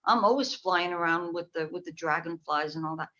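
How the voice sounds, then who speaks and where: Brisk and pushed, her lowish voice has a bright edge as she, a clairvoyant guest from New York, recounts her story in casual interview chat. Her telling wanders, trailing off and restarting. It comes through as dull, lo-fi call audio.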